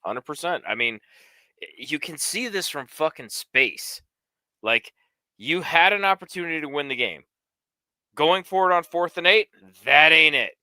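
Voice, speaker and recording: A man's voice: fairly high pitch, expressive, measured pace, dry recording. A man co-hosting a casual sports talk show, blunt and heavy on swearing. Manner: profane, blunt, loud outbursts. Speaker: co-host.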